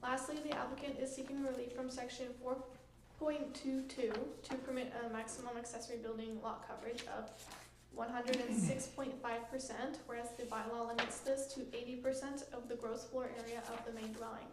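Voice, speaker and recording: A woman planner reading a formal staff report in a measured, procedural way. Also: fairly high pitch, level tone. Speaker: municipal planner presenting a report. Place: council chamber. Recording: echoey meeting room with faint noise.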